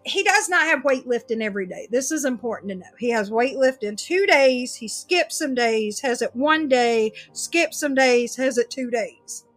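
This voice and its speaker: High bright woman telling a story. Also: moderate pace, few pauses, faint music behind. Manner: animated storytelling, acts out quoted dialogue. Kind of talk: casual chat.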